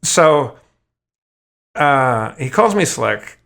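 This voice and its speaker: A man hosting a podcast, telling a story in loose, casual chat. He rambles, restarts sentences with stammers, and swears freely. His voice sits at an ordinary pitch for a man. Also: sing-song, extremely slow, vocal fry, a bit bright. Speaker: podcast host.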